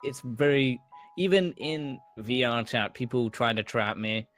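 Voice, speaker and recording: Man on a headset mic, casual animated chat, mid pitch, faint music behind. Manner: animated, laughing, fast pitch jumps. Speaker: podcast guest, VR prank YouTuber.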